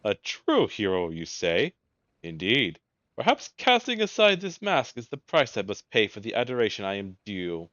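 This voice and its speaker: Male actor voicing a vain self-proclaimed hero villain for a game; put-on Indian accent, grandiose and bright, dry muffled sound. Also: lowish voice, wildly swooping pitch, moderate pace, dry recording. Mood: haughty. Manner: pompous, grandiose.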